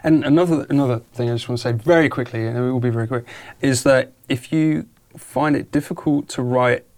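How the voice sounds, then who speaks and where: A man's voice: medium pitch, brisk, a little mellow. A man interviewing a guest in a casual podcast chat, rambling and correcting himself as he goes. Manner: rambling, self-correcting, lots of fillers.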